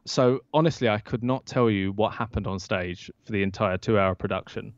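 Guy, lowish voice, telling a story on a podcast, does the voices of people he quotes, kinda muffled dry audio. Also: normal speed, dry recording. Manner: lively storyteller who acts out quoted lines. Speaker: podcast guest, author. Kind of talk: telling an anecdote in an interview. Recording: dull lo-fi dry sound.

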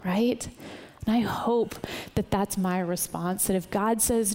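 A woman delivering an informal church sermon at a mid pitch. Her tone is earnest and chatty, and she often checks in with her listeners as she goes. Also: slow pace, a little mellow, in a large hall. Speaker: church speaker. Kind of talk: conversational sermon.

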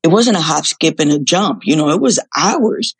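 A woman guest telling a story in a casual interview, animated, swearing casually and acting out the quotes. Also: low-pitched, moderate pace, husky. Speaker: guest, former reality show contestant.

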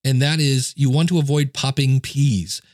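A man's voice: medium pitch, steady tone, moderate pace, darkish tone, dry recording. Chatty man talking tech, dry close mic. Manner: chatty, self-deprecating, demonstrating gear. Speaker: podcast host. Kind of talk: casual how-to talk. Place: home desk setup. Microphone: dynamic studio mic, close.

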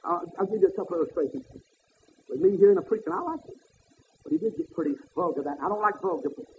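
High-voiced man preaching, tinny old tape. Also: racing, slight background noise. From American South. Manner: preachy, swings to high shouted peaks. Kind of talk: fiery sermon.

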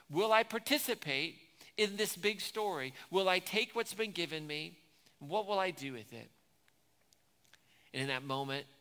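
A man preaches a sermon with a bright, forceful voice that carries a gravelly edge. He retells movie scenes with growing intensity. His voice rings out through a long church reverb. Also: a little high. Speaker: pastor.

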